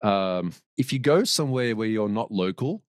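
A man's voice: on the low side, animated, normal speed, no room sound. Man telling stories, dry close sound. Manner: rambling, with restarts and laughs. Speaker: podcast guest. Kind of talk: casual storytelling.

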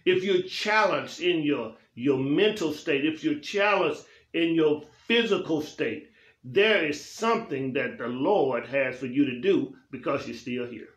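A man's voice: a little high, measured pace, a bit bright. Emphatic preaching man in a roomy church. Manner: emphatic, repeats phrases for weight. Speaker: pastor. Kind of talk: Bible study teaching, preaching cadence. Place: church sanctuary.

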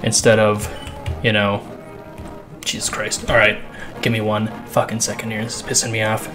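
A gaming channel host, a man with a lowish voice, does let's play commentary with a completely flat delivery, speaking a little fast. Out of breath, he swears constantly, is crass, and sighs between lines over game music.

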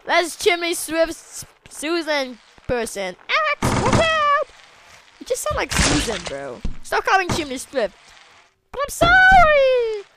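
A woman commentating a video game, excitable, yelling at the game and trailing off into mumbles. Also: extremely high pitch, measured pace. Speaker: let's play gamer. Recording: loud background noise.

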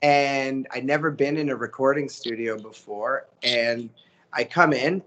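A man, a voice actor telling stories as an interview guest, animated and slipping into character voices. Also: mid-range voice, a little slow, lo-fi sound. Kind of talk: casual storytelling interview.

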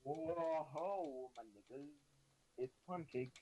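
A man's voice: a little high, slow, mellow, slight background noise, rough recording. A man playing a game with a friend, talking in a profane, teasing, ranting way. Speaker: gamer. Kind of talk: gaming commentary with a friend.

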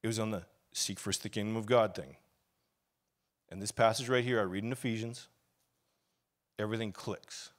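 A man's voice: fairly low pitch, fairly even intonation, normal speed, long pauses. Fervent storytelling pastor, a man. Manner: storytelling, grows loud and fervent, acts out quoted shouts; casual and confessional, with laughs and sighs. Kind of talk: sermon.

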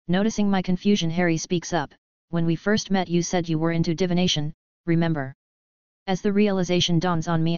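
A woman reads first-person fan fiction in a steady, unhurried way. Her voice is very smooth and fairly low. The recording is dry and has a slightly dull, lo-fi sound. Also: no echo. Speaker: audiobook narrator.

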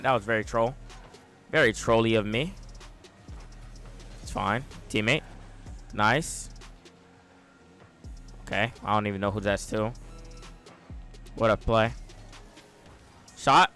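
A man giving live commentary while playing a game, talking in short bursts with sudden loud yells. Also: mid-range voice, slow, pauses often, soft background music. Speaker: gaming YouTuber.

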